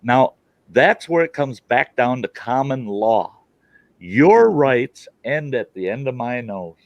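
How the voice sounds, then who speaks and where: A man's voice: mid-range voice, big pitch swings, slow pace, no room sound, highs cut off. A man ranting bluntly in a casual group chat, acting out dialogue as he goes. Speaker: call participant.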